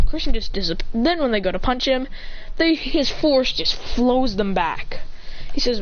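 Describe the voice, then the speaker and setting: A woman telling an improvised story in a rambling, animated way, often correcting herself mid-sentence. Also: fairly high pitch, highs cut off. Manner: rambling, animated retelling with quick self-corrections.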